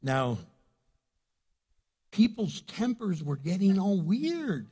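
A male pastor preaching a sermon, telling a lively personal story and acting out the people in it. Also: sits high, slow pace, husky. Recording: echoey hall reverb.

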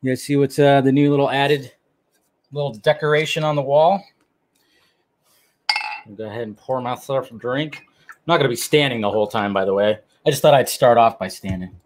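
A man's voice: medium pitch, a little fast, pauses often. A man hosting a livestream in loose, casual chat, greeting viewers by name and swearing now and then. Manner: loose and chatty, reads out viewer names. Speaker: livestream host.

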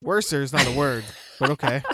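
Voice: mid-range voice, brisk, fairly bright tone, a little hiss or hum. A podcast co-host in casual chat, answering with dry, sarcastic teasing.

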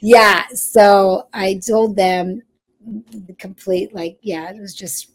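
A woman's voice: medium pitch, fairly even intonation, slow pace. A woman in her thirties, a children's TV performer, telling stories as an interview guest, chatty and laughing often, doubling back mid-sentence. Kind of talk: casual interview storytelling.

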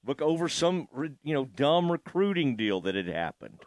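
A man's voice: fairly high pitch, sing-song, moderate pace, dry recording, studio quality. Reflective male sports podcast host. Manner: reflective, thinks aloud while asking. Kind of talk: casual interview chat.

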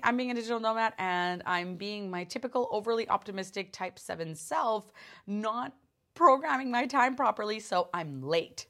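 A young woman hosting a podcast, telling a personal story in a rambling, animated way, full of filler words and swearing. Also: medium pitch, fairly quick. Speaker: podcast host. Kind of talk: casual storytelling.

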